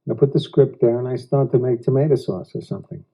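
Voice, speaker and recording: An American actor being interviewed at home, speaking reflectively in halting phrases with odd pauses. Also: male voice, mid-range voice, little pitch movement. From United States. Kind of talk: casual interview talk. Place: living room of a private house. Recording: dull lo-fi 1990s home video.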